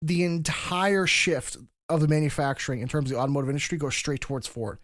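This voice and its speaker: A man with a somewhat high voice co-hosts a casual podcast and lays out his points in long, run-on explanations, restarting phrases as he goes. The sound is close and dry, with no room around it. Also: steady tone, quick pace, a bit bright, no echo. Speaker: podcast co-host.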